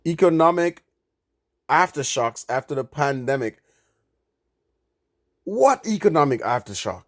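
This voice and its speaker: A man commenting on the news. He reads news out, then reacts indignantly, stumbling into restarts and rising in pitch and volume when he gets angry. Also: lively intonation, measured pace, darkish tone, dry recording, studio quality. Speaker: crypto commentator.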